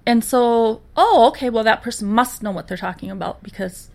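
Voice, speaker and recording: A woman's voice: on the high side, steady tone, fairly quick, vocal fry, darkish tone. A woman with a Minnesotan accent, co-hosting a podcast in casual chat and laughing easily. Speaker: podcast co-host.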